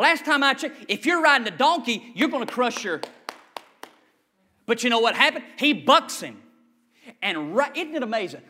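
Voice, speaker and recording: A preacher with a high, bright, forceful voice delivers a sermon to his congregation. His folksy delivery builds through repeated phrases, then falls away into low, quiet asides. He swings between shouted peaks and near-murmurs. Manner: folksy, repetitive preaching cadence. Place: church with a congregation.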